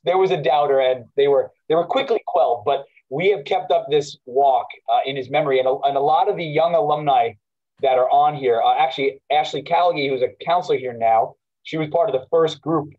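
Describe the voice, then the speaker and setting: Halting man reminiscing on a video call. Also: medium pitch, phone-quality sound. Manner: halting, frequent restarts and fillers. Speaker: alumni walk organizer at a school memorial.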